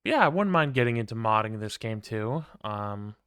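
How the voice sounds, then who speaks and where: Bright-voiced ranting male streamer. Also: fairly low pitch, big pitch swings, moderate pace, clean tone, no room sound, studio quality. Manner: ranting, profane, wry. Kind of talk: casual gameplay commentary.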